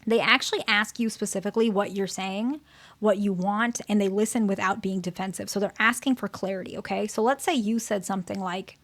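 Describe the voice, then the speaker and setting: A woman therapist at a middle pitch talks through an educational explainer. She keeps it conversational and checks in often with the listener. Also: fairly even intonation, brisk. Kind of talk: educational talk to camera.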